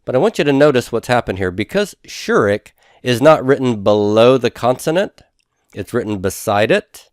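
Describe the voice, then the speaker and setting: A man teaching a recorded lesson in a methodical way, repeating each word slowly for his students. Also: mid-range voice, sing-song, dry recording, studio quality. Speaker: Hebrew instructor. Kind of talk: recorded lecture over handouts.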